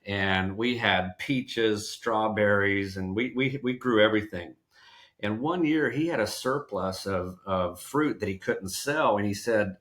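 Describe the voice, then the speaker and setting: A man's voice: lowish voice, unhurried. A middle-aged man from Georgia, telling folksy stories as a podcast guest and often restarting his phrases. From Georgia, USA. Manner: folksy, animated storyteller who acts out quotes and restarts phrases. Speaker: podcast guest, sales trainer. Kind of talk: casual storytelling interview.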